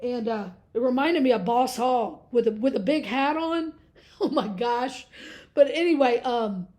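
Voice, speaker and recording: High-voiced woman rambling to her viewers. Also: lively intonation, unhurried, a little mellow. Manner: rambling, preachy, laughs often. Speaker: vlogger. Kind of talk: casual monologue to viewers.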